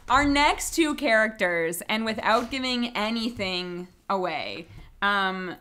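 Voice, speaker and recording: A woman's voice: medium pitch, animated, slow pace, sharp tone. A woman co-hosting a theatre podcast, chatting enthusiastically about a musical. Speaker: podcast co-host. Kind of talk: casual chat.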